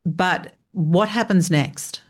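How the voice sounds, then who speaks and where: A woman's voice: fairly low pitch, slow. A woman hosting an interview, asking questions conversationally and affirming briefly. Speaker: interview host.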